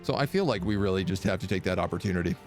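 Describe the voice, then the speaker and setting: A man gives live gameplay commentary, his pitch leaping up and down as he talks. He chats with viewers, reading their messages aloud and answering them. Soft game music plays faintly under his voice. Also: expressive, racing. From Canada. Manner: chatty, reads chat aloud and answers. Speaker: streamer.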